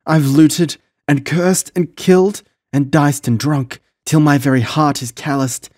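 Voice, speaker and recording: A man's voice: lowish voice, unhurried, darkish tone, breathy edge, dry recording, studio quality. A man voicing a fiery young female pirate captain with proud, archaic speech, in an audiobook. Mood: sobbing.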